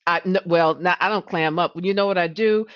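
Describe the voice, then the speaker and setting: A woman coach talking to a live audience, with a fairly low voice. She gets animated and repeats herself as she works through a thought. The audio is slightly dull and lo-fi. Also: a little fast, clean tone. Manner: animated, restarts and repeats words, rises when passionate. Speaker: leadership coach and livestream host. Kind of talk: coaching talk.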